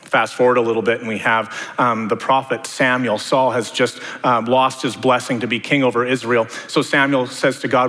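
A man's voice: medium pitch, level tone, moderate pace, hardly any pauses, fairly bright tone. A man preaching a sermon, talking to the congregation in a conversational way with many rhetorical questions. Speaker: pastor. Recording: long hall reverb.

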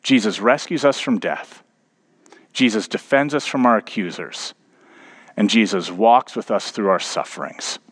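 A man's voice: fairly low pitch, unhurried. Man preaching a storytelling sermon. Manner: storytelling, rising to emphatic preaching. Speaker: pastor.

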